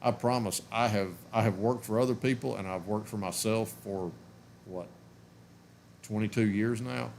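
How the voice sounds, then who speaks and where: A man's voice: fairly low pitch, steady tone, normal speed, creaky, darkish tone, a little hiss or hum. A man in his forties hosting a casual live stream from home on a webcam, rambling and chatty, sleepy and yawning. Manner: rambling, self-interrupting, chatty.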